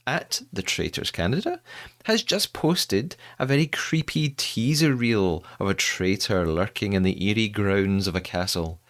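A man's voice: mid-range voice, fairly bright tone. A man hosting a podcast in a casual, chatty monologue, playful and self-mocking as he runs through news. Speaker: podcast host.

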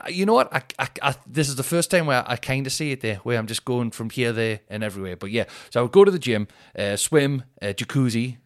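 A man's voice: mid-range voice, fairly bright tone. A young man, a comedian hosting his podcast, rambling through a sweary, self-mocking monologue full of tangents.

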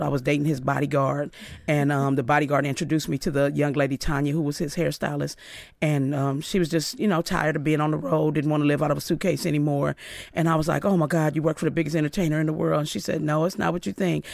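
A middle-aged woman from Inglewood, California, a celebrity hairstylist, is a guest in a radio studio. She talks quickly in a creaky voice, telling lively stories and acting out quoted dialogue with big jumps in pitch. The recording is dry.

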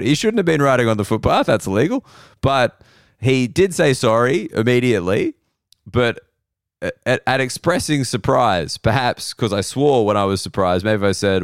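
An Australian comedian hosting a podcast, telling rambling self-deprecating stories slowly, his voice hoarse and worn. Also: lowish voice, dry recording, clean studio sound. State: losing his voice. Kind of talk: casual comedic monologue.

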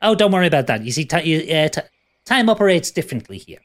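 A man's voice: on the high side, very animated, quick pace. A man playing a jailer in a tabletop game, smug and matter-of-fact with some stumbling. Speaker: game master. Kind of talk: in-character tabletop role-play.

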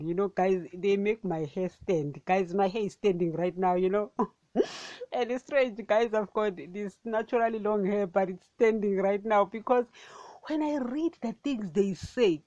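A woman giving an informal spoken sermon on her podcast, animated and chatty, calling her listeners "guys" over and over and laughing now and then. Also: medium pitch, no room sound, muffled recording. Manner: animated, repeats "guys" constantly, laughs often. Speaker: podcast preacher.

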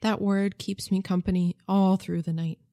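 A woman reading a novel aloud for radio in a measured, gentle storytelling manner. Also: mid-range voice, flat delivery, no room sound, clean studio sound. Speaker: narrator.

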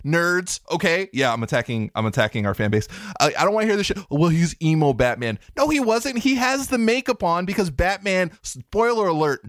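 Male podcast co-host, casual and jokey, lively pitch, dry close mic. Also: dry recording. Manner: animated, jokey storytelling with swings into high mock voices. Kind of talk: casual chat.

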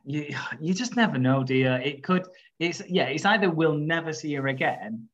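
A man's voice: a little high, expressive, normal speed, lo-fi sound. A man co-hosting a casual chat show, retelling episodes in a rambling way, laughing often and putting on voices for the characters. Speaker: podcast co-host. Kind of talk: casual chat recapping a soap.

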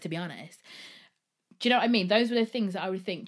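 A woman's voice: medium pitch, fast talker. A woman hosting a solo podcast, talking candidly and rambling, swearing freely as she goes. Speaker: podcast host.

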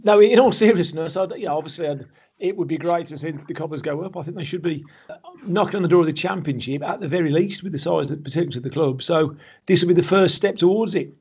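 A man's voice: fairly high pitch, fast talker, a little mellow, slightly rough. A man in his fifties, a former footballer, chatting as a guest with friendly banter and stumbling restarts. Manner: friendly, banter, repeats words when starting. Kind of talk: casual interview chat. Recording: dull lo-fi remote audio.

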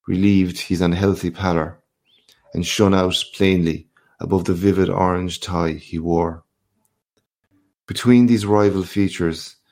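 A man narrating a classic short story in a measured, unhurried audiobook reading. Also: sits low, darkish tone.

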